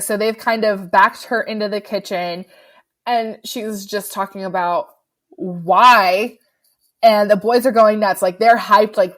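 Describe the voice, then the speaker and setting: A woman co-hosting a podcast, recapping a film in casual chat and acting out the quotes as she goes. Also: medium pitch. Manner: animated storytelling, acts out quotes. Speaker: podcast co-host.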